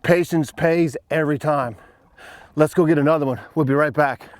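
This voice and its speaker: Breathing hard, a male fishing guide speaks to his show's viewers from a boat outdoors, his commentary excited and folksy. His voice runs high at a normal speed, with no echo.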